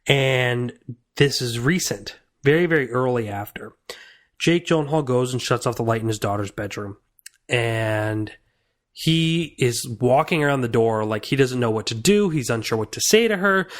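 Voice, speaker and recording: A man's voice: mid-range voice, lively intonation, normal speed. A young man giving a casual, earnest film review on a podcast, rambling and restarting his thoughts.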